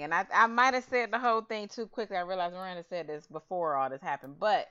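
A woman's voice: on the low side, quick pace, clear, resonant tone. A woman co-hosting a casual chat, recapping a TV episode and acting out the characters' lines with slang. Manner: animated storyteller, acts out quotes with slang. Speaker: podcast co-host. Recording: slightly dull lo-fi audio.

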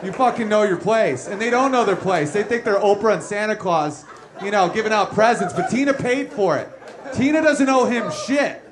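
A man's voice: high-pitched, normal speed. A man in his thirties doing a crude, boastful stand-up set, acting out the characters in his story. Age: 30s. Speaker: stand-up comedian. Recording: noisy live room with crowd laughter.

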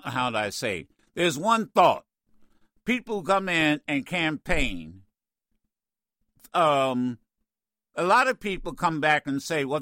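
A man's voice: on the high side, sharp tone, no room sound. A man hosting a call-in radio talk show, blunt and emphatic, often restarting his sentences as he thinks, speaking into a studio mic.

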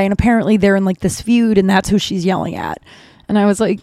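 A woman's voice: medium pitch, quick pace, a little mellow, dry recording. A woman in her thirties tells a long, wandering story on her podcast. Her chat is casual and full of asides and filler words. The recording is dry, with no room sound. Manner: chatty, rambling, lots of "like" and asides. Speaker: podcast host.

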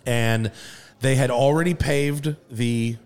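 A man in a podcast conversation telling an animated, rambling story and laughing often. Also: medium pitch, takes it slowly, in a large hall. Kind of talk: casual storytelling.

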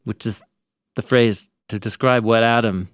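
A man co-hosting a podcast, casually walking through a Bible story and acting out its lines with animated delivery. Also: lowish voice, measured pace, no echo, studio quality. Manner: animated storyteller, acts out quoted lines with laughs. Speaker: podcast co-host, Bible teacher. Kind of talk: casual conversational Bible discussion.

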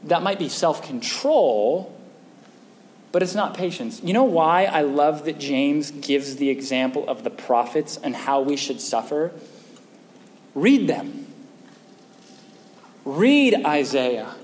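A male pastor preaches in a conversational way, often putting questions to the congregation. His voice is a little high and slightly mellow, expressive and slow, with long pauses. The hall is echoey, with faint noise.

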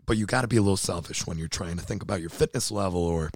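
Man in his 30s, deep-voiced and hoarse, casual podcast co-host, earnest and emotional, dry close sound. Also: rapid-fire, dry recording. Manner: earnest and emotional, swears freely. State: hoarse, voice nearly gone. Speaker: podcast co-host, CrossFit athlete. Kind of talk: casual chat.

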